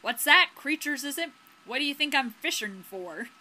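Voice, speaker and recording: A woman voicing a gruff, blunt older male fisherman in a video game, with folksy sailor talk. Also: sits high, expressive, moderate pace, bright, forceful tone, pitched above the performer's own voice, heavily acted.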